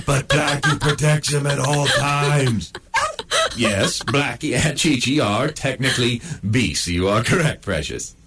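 A man's voice: mid-range voice, fairly bright tone, a little hiss or hum. A man voicing a grumpy, sarcastic male dog stuck in a cone, in a comedic inner monologue. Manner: sardonic, self-pitying and crude.

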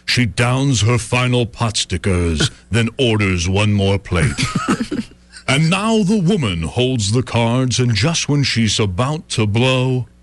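A man's voice: mid-range voice, lively intonation. A man performing a comic poem to a live audience in a mock-epic, rhythmic style. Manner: mock-epic poetic delivery with rhythmic pauses. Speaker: comedian. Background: audience laughter.

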